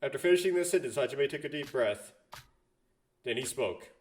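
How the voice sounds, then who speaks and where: A man's voice: medium pitch, lively intonation, brisk, far from the mic. A man playing through a visual novel and reading its narration aloud in a plain way. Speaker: let's player.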